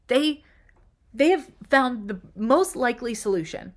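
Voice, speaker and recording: A woman hosting a video, talking casually and emotionally through a film's plot, with her voice rising sharply when she gets excited and dropping into whispered asides. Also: normal speed. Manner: chatty and emotional, pitch jumps up when excited. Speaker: video host analyzing film characters. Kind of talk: casual analytical monologue.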